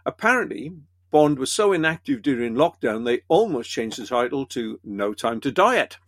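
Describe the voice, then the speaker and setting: A man's voice: mid-range voice, moderate pace, dry recording. A man hosting a casual film review podcast, telling dry jokes between reviews. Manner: dry joke-telling, lively delivery.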